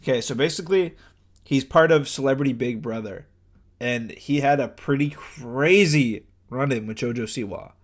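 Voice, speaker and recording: A young man on a casual podcast, rambling through a gossip story with plenty of "like" and "uh" and little acted-out bits of dialogue. His pitch sits squarely in the middle, an ordinary everyday voice. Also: normal speed. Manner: rambling, full of fillers and acted-out quotes. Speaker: podcast co-host. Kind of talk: casual chat, retelling celebrity gossip.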